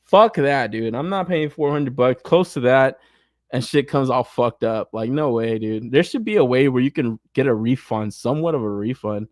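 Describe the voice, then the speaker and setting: A man's voice: medium pitch, moderate pace, no room sound. Profane, laid-back man in dry sound. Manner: profane, animated, frequent laughter. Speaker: toy podcast host. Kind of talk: casual chat.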